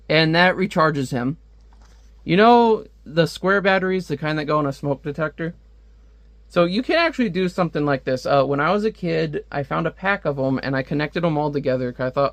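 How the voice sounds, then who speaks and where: A man's voice: on the high side, fairly quick, fairly bright tone, no room sound. A man chatting casually while reviewing a comic, laughing often and full of fillers.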